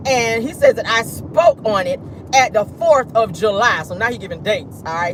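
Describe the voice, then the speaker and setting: A woman's voice: medium pitch, moderate pace, background noise. A woman hosting a celebrity gossip commentary show, blunt, sassy and profane, calling listeners "child" and "baby".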